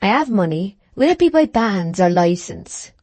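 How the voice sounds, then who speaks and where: A woman's voice: medium pitch, big pitch swings, moderate pace, a little mellow, dry recording. A woman voicing a timid young woman in an audiobook, speaking in a tremulous, faltering, pleading way. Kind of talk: audiobook character reading.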